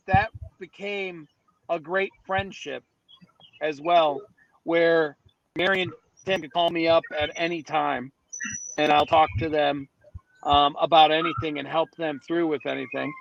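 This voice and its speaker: A man's voice: a little high, creaky, fairly bright tone, dull audio. A man, a podcast guest, telling a story in a casual, rambling way, often restarting his sentences, speaking from outdoors near a city street.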